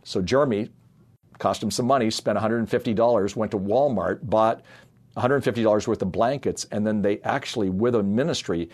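A man's voice: on the low side, brisk, darkish tone. A middle-aged man from a family ministry, giving an earnest sermon-style talk full of personal stories. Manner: earnest storytelling, acts out quoted voices. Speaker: speaker in youth and family ministry.

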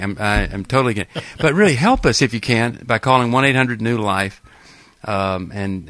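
A man's voice: medium pitch, fairly bright tone, dry recording. A man hosting a call-in radio show, chatting casually with fillers and playful jokes.

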